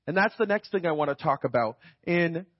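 Guy preaching, high voice, chatty, keeps asking right?, dry dull lo-fi sound. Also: animated, brisk, dry recording. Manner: conversational, often adds "right?". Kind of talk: sermon.

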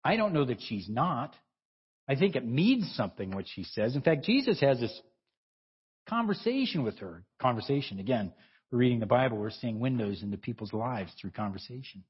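In a dull, lo-fi recording, a male preacher speaks at medium pitch and normal speed, delivering a conversational sermon. His husky voice moves up and down with animated inflection, and he wanders into offhand asides, laughing softly between points.

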